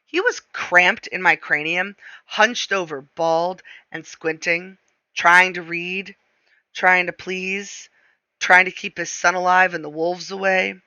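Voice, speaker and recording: A woman reading a novel aloud, shifting her pace and slowing on descriptive phrases. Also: lowish voice, steady tone, pushed and bright, dry recording, highs cut off. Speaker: reader.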